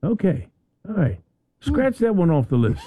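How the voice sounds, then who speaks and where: A man's voice: high-pitched, moderate pace. A man hosting a radio talk show in a studio, chatting casually and often repeating words as he goes. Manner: animated, repeats words and restarts.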